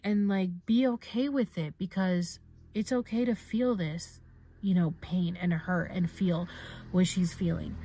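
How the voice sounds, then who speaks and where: A woman's voice: on the low side, steady tone, measured pace, mellow. A woman vlogger telling a personal story in a casual, rambling way, full of fillers and restarts and the odd burst of swearing.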